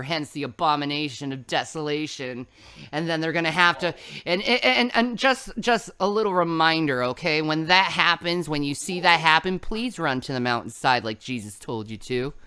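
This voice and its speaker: Woman, religious streamer, scolding profane sermon-rant, bright cutting tone. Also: on the low side, clear, resonant tone. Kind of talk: ranting preachy monologue.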